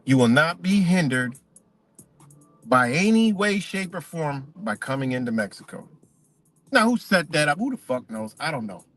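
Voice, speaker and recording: A man's voice: fairly high pitch, sing-song, normal speed, fairly bright tone, faint music behind. A man ranting casually on a live stream, profane and emphatic, rambling as he tells stories.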